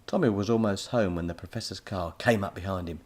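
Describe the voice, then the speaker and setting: An audiobook narrator with a low, husky male voice tells a scripted children's story. His delivery is brisk and expressive.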